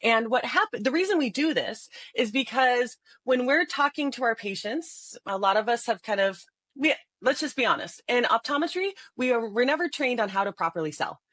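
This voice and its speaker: A lively middle-aged woman talks casually on a podcast and acts out sample lines in different voices. She laughs often between points. The sound is dry and close, with no room echo. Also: a little high, moderate pace. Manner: animated, laughs often, acts out example dialogue. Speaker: podcast guest, sales trainer. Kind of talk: casual interview talk with demonstrations.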